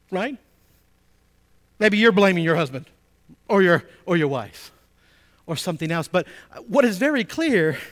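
A man preaching with a notably high voice for a man. He leans hard on key phrases, repeats them for weight, and moves between quiet asides and loud emphasis. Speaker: pastor. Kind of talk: sermon.

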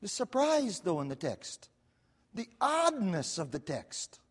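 Guy preaching in church, swoopy lively pitch, tells it like a story w/ little jokes, reverby hall sound. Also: slow pace, breathy edge. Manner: animated storytelling preacher with repetition and asides. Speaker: pastor. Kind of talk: sermon.

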